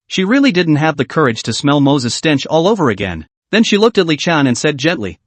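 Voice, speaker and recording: A man reads out a comic story recap as its narrator. His voice sits a little high and leaps around in pitch. The sound is dry and close. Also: big pitch swings, a little fast, hardly any pauses, no echo.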